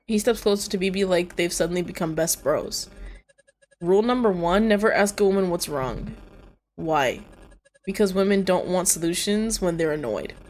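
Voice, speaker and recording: Casual cursing woman streamer. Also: mid-range voice. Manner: swears casually, bursts into loud laughs. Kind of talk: reading a story game aloud with live reactions.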